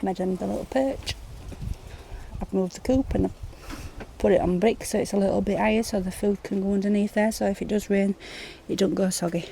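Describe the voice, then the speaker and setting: A woman with a medium-pitched, creaky yet mellow voice talks at normal speed and a steady tone to the phone camera in her hand. Going about her allotment and home, she chats casually and speaks lovingly to her chickens and pets. The outdoor phone audio is noisy.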